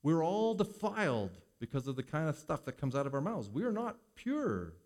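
A man preaching a sermon as pastor, swinging between loud emphasis and hushed asides. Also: on the high side, sing-song, normal speed.

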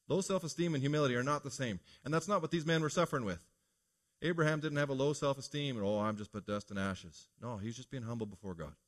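A male pastor delivering a Sunday morning sermon in an earnest, preacherly way. He poses rhetorical questions to the congregation and leans on key phrases. His voice sits at an ordinary middle pitch for a man.

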